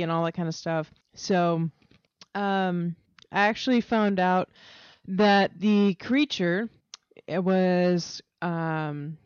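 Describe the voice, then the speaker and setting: A woman co-hosting a casual podcast, explaining researched facts haltingly with many "um"s. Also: lowish voice, a little mellow, clean tone, dry recording, highs cut off. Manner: hesitant, reads facts with many "um"s. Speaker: podcast co-host. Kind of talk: casual chat.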